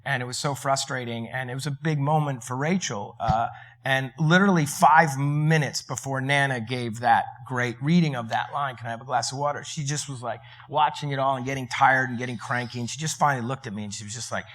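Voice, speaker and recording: Animated man telling set stories. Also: mid-range voice. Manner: animated anecdotes, quick asides and laughs. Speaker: film director on a panel. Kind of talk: panel discussion storytelling.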